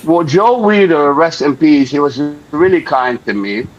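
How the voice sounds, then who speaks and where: A man's voice: fairly high pitch, a little slow. An older man telling a story in an interview, acting out the voices of the people in it. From Lebanon. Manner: animated, acts out the voices of people in his story. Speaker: interview guest. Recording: dull lo-fi recording.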